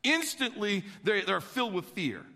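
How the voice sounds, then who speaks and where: Animated preacher in a reverberant hall. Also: male voice, high voice, normal speed, vocal fry. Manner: animated storytelling, acts out voices, swings from hushed to shouting. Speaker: pastor. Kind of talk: sermon.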